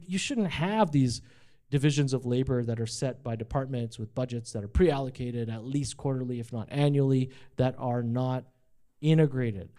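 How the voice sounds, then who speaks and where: A middle-aged man giving a casual live talk about his company to an audience, energetic and profane, with jokey asides. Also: mid-range voice. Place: event space in front of a live audience.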